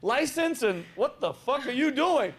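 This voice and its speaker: A man voicing a gruff male traffic cop who asks blunt, curse-laden questions. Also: very high voice, very animated, measured pace, pitched above the performer's own voice, exaggerated voice.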